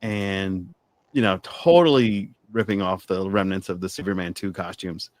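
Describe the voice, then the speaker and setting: A man co-hosting a casual chat, laughing often and telling things in an animated way. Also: low-pitched, moderate pace, no room sound. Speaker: podcast co-host.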